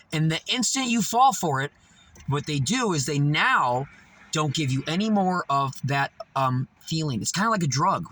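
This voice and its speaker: A man telling stories in casual talk, animated and swearing freely. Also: on the high side, slightly rough. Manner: animated, swearing, laughing at his own stories. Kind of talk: casual storytelling monologue.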